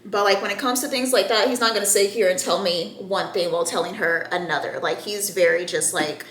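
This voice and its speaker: A woman's voice: mid-range voice, fairly quick, fairly bright tone, echoey room. A young woman telling a personal story to her viewers in a casual, heated, profane way. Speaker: storyteller vlogger.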